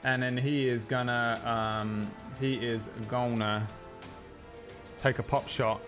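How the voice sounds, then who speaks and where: A man's voice: mid-range voice, little pitch movement, slow pace, over music. A man, narrating a tabletop game as game master in a rambling, joking way with many fillers.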